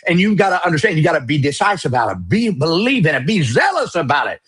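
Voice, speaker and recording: A middle-aged man preaching a sermon as pastor, forceful and emphatic, with folksy, mocking asides. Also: a little high, very animated, fast talker, breathy edge.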